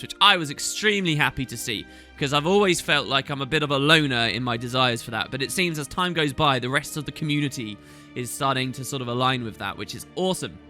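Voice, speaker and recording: Hosting a gaming channel, a man answers viewer questions in a casual Q&A, chatting and rambling as he thinks out loud. He has a mid-range voice with a sharp tone.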